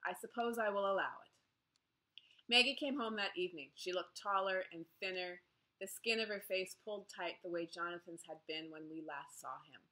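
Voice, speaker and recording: A woman narrating a novel in the first person, steady and clear. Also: fairly low pitch, moderate pace. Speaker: audiobook narrator.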